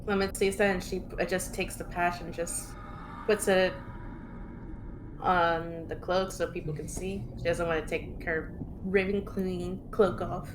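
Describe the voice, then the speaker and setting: A woman's voice: lowish voice, flat delivery, unhurried, noisy background. A woman playing a tabletop game, describing her character in a matter-of-fact way. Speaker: player. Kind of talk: tabletop role-play.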